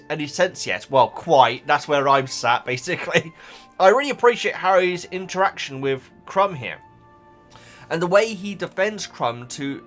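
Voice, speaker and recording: A YouTube reaction host reads a book aloud, his male voice slightly high with a fairly bright tone. He rambles casually as he thinks, tripping over repeated words.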